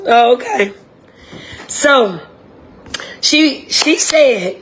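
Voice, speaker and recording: Older grandmother with a high voice, fired-up and indignant, speaking straight to camera. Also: lively intonation, a little slow, pauses often. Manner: indignant, impassioned, repetitive direct address. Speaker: grieving grandmother. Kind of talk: emotional direct-address video.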